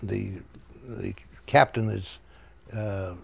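An older man recalling his ride-writing work in an interview, halting and chuckling as he talks. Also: fairly low pitch, gravelly, noisy background. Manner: halting, many restarts and chuckles. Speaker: interviewee, former ride writer. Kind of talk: interview recollection.

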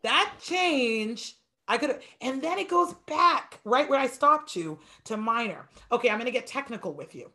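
Animated fast-talking woman piano teacher. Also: fairly high pitch. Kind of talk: online masterclass teaching.

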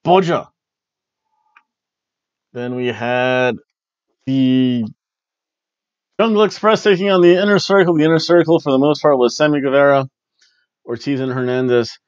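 A man hosting a wrestling review podcast, recapping a show in casual chat and slipping into quick mimicry of wrestlers. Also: mid-range voice, clear, resonant tone, no room sound, muffled recording. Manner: animated, mimics wrestlers and announcers in quick asides.

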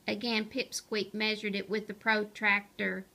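A woman reading a children's picture book aloud as narrator, with an expressive storytelling manner. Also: medium pitch, unhurried, creaky.

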